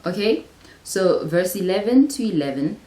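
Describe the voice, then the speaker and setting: A woman's voice: medium pitch, expressive, normal speed, warm tone, reverberant, low-quality recording. A woman hosting a Bible study, who teaches in a casual, earnest way and thinks aloud, often restarting her sentences.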